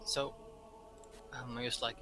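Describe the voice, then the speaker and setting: A man's voice: mid-range voice, level tone, takes it slowly, over music. A man playing in a tabletop game, talking casually and hesitantly with many fillers. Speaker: player.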